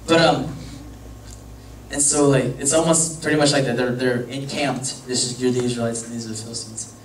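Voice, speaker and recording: A man's voice: medium pitch, fairly even intonation, normal speed. A young man, a youth pastor, telling a story to a youth group in a casual, joking, rambling way. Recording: echoey room from far off, faint hum.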